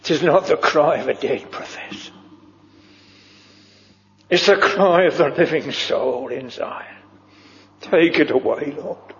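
A man preaching a solemn old-fashioned sermon in a church, slow and earnest, dropping at times to a hushed whisper. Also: fairly high pitch. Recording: muffled old church recording with long reverb.

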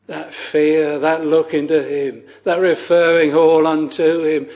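A man preaching a sermon, slow and solemn, with old-fashioned scriptural phrasing, on a dull lo-fi recording. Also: on the high side, little pitch movement, a little mellow, long reverb tail.

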